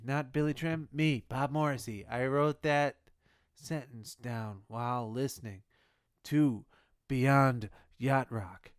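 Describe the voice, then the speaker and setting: A man delivering a rambling comic monologue, halting and sheepish, often correcting himself mid-sentence. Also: mid-range voice, clear, resonant tone, no room sound, studio quality. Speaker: comedic monologue host.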